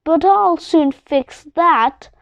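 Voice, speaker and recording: A grumpy monster from a storybook who is obsessed with filing, as a woman reading aloud puts him on, growling his words out slowly and roaring at times. The voice sits quite high and the recording sounds dull and lo-fi. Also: gravelly, no echo, full character voice. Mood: smug. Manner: slow growling roar.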